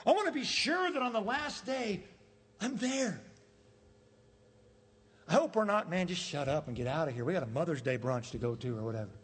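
Emphatic high-voiced male preacher. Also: slightly rough, big-room sound. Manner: emphatic, rhetorical questions, acts out quoted voices. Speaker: pastor. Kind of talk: sermon. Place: church sanctuary.

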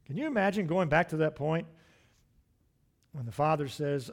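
A man, middle-aged, preaching a sermon, swinging from loud emphatic lines to hushed, drawn-out asides. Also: on the high side. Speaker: pastor.

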